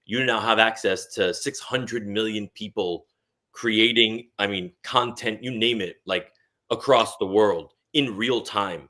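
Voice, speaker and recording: Emphatic man guest with a low voice. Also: a little slow, sharp tone. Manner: emphatic, profane, rhetorical asides. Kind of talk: casual chat over food.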